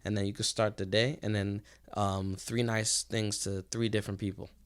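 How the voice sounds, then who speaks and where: A young man with a fairly low voice talks casually on a podcast, rambling through his thoughts and laughing easily. The sound is dry and close, with no room around it. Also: flat delivery, normal speed, clear, resonant tone, dry recording. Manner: laid-back, rambling, laughs often. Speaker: podcast co-host. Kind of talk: casual chat.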